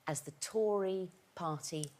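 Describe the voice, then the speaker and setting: A woman's voice: lowish voice, a little slow, background noise. A woman guest on a talk show, telling a funny story in casual chat. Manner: chatty storyteller, laughing. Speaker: guest host.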